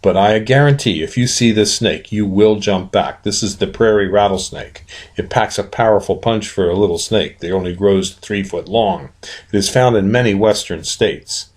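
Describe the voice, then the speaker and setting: A man giving scripted narration with plain, slightly folksy delivery. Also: lowish voice.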